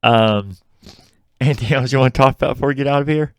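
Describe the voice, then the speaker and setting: A man co-hosting a gaming podcast, laid-back and quick to laugh. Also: medium pitch, clean tone, no echo. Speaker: podcast co-host. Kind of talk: casual chat.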